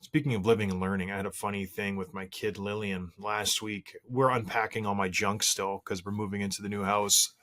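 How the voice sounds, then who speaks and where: A man in his thirties hosts his podcast alone, with a slightly low voice. He chats in a loose, rambling way, tells stories against himself, and restarts his sentences often. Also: flat delivery, brisk, few pauses, sharp tone. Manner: rambling, self-deprecating storytelling with frequent restarts. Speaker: podcast host. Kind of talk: casual solo podcast chat.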